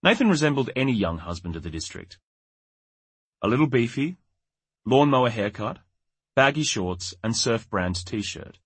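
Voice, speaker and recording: A man narrating an audiobook in a measured, wry storytelling manner. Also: mid-range voice, very animated, husky, dry recording. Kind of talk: scripted narration.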